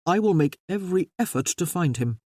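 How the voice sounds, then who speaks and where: A narrator as a formal gentleman cousin. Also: mid-range voice, expressive, brisk, no room sound, studio quality, natural voice.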